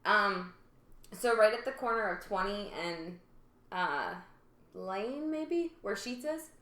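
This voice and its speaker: A woman's voice: medium pitch, animated, takes it slowly, fairly bright tone. A woman co-hosting a podcast, telling stories in a chatty, casual way and laughing often. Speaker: podcast co-host. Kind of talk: casual chat. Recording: roomy echo.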